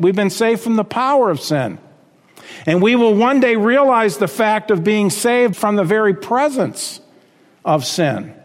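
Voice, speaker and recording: A man preaching from the pulpit, his voice sitting a little higher than most men's. He hammers points home with repeated phrases and sudden emphatic lifts. A long hall reverb trails behind every line. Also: darkish tone. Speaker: pastor. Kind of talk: sermon.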